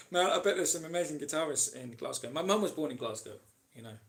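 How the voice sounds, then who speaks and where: A man's voice: on the high side, gravelly. Chatty British man rambling through a live Q&A. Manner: rambling, chatty, with many ums and restarts. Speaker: host answering live chat questions. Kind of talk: casual live Q&A chat.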